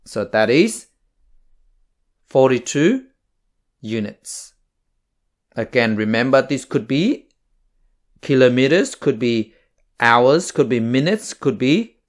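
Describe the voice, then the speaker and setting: A man teaching a maths lesson, explaining each step slowly and plainly. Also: medium pitch. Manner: slow, plain stepwise explaining.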